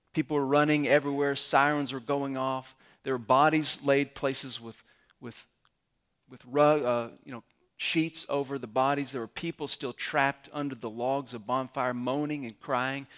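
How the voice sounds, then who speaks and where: A man's voice: medium pitch, fairly bright tone. A man, a pastor giving a sermon in an earnest storytelling way that builds to emphatic climaxes.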